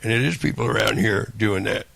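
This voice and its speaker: A man's voice: lowish voice, fairly quick, vocal fry, fairly bright tone, slightly rough, no room sound. A man delivering a rambling, profane monologue, looping back and repeating phrases over and over. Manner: profane, repetitive, rambling rant.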